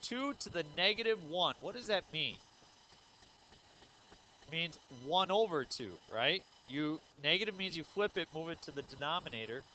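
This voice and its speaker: A man in his thirties teaches a math lesson in a slightly high, very bright voice. He works through each step and keeps asking the class questions, with frequent 'uh' and 'um'. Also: expressive, normal speed, a little hiss or hum, rough recording. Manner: says 'uh' and 'um' often. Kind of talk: recorded math lecture.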